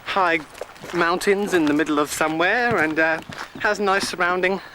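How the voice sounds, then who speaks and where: An Englishman talks his way through a camping video diary in a jokey, offhand manner, his voice sitting high. He films outdoors in the countryside, and the camcorder mic picks up a loud wash of outdoor noise. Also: moderate pace. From England. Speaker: video diarist. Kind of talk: casual video diary narration. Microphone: handheld camcorder mic. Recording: noisy outdoor camcorder audio.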